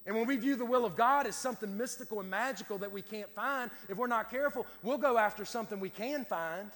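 A man's voice: high-pitched, fast talker, fairly bright tone, big-room sound. A man preaching a sermon, telling a folksy story in country speech. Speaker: pastor.

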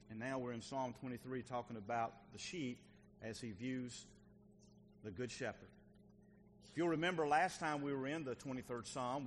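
A man's voice: medium pitch, a little hiss or hum. A male pastor preaching a sermon in a church, earnest and repeating phrases for emphasis, with bursts of emphatic delivery. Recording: hall reverb with faint ambience.

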